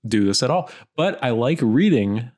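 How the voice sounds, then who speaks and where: A male podcast host in casual banter, mid-pitched with a lively, swooping delivery. He is jokey and animated and reads movie descriptions aloud. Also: normal speed.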